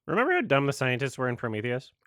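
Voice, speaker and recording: Guy rambling through a movie watch-along, bright lively voice, dry close mic. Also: mid-range voice, rapid-fire, dry recording. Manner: rambling with frequent restarts and laughs. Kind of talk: casual rambling commentary.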